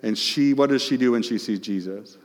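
A male pastor preaching a sermon, asking the congregation questions, emphatic and shifting between loud and hushed. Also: mid-range voice, fairly quick, big-room sound.

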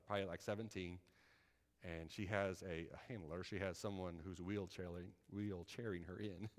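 A man's voice: sits low, long reverb tail. A man preaching a sermon in a folksy, conversational way, often asking his listeners "right?".

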